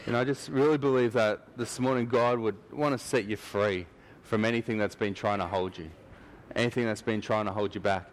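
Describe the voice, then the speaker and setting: A man's voice: lowish voice, fairly even intonation, brisk. A man preaching a sermon in church, talking conversationally and acting out little scenes.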